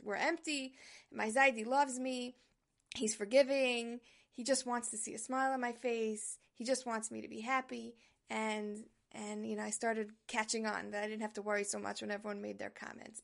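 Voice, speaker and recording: A woman teaching a religious class, opening with a personal story told in an animated way with frequent restarts. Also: on the high side, creaky.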